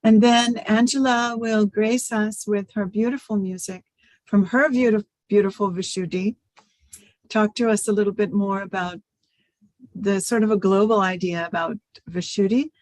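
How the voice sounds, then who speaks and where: A woman's voice: mid-range voice, fairly even intonation, normal speed, darkish tone, no echo, poor audio. A woman co-hosting a meditation session, talking casually, laughing easily and making friendly asides. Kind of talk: casual chat.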